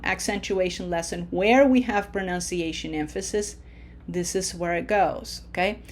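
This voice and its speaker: A woman teaching a recorded language lesson who is patient, checks in often with "okay?" and "right?", and slows down to model words. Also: medium pitch, a little mellow. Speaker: Spanish teacher.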